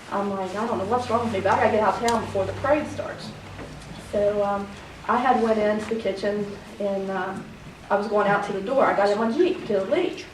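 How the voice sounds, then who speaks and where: A woman's voice: medium pitch, background noise. Rambling woman, distant in an echoey room. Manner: rambling, many fillers, acts out quoted dialogue. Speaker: public commenter at a county meeting. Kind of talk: personal account during public comment. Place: meeting room.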